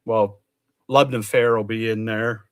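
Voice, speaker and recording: A man's voice: on the low side, flat delivery, normal speed, clean tone. A man in casual chat, rambling through results and stories from an event he worked as an official. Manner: rambling, chatty, reads out results. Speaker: truck pull official.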